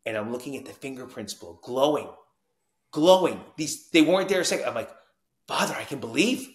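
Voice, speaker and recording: Animated storytelling man, roomy sound. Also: medium pitch, fairly quick. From New Jersey. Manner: animated, acts out quoted dialogue, frequent "you know what I mean". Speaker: podcast guest, recovery coach. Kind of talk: storytelling in conversation.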